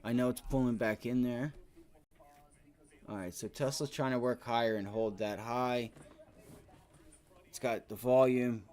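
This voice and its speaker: A man in his thirties talks through his trades on a live stream, half to his viewers and half to himself. His voice sits at a middle pitch, and his running commentary is loose and unscripted, with the odd curse word. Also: steady tone, a little slow, pauses often, a little mellow. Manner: talks to himself and the chart, swears, frustrated at times. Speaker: day trading livestream host. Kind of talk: casual live trading commentary.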